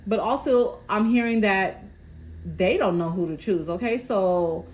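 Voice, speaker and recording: A woman doing a casual tarot reading, calmly relaying messages from spirit and often checking in with her listener. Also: mid-range voice, a little slow, poor audio. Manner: reassuring, keeps checking in with "okay?". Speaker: tarot reader.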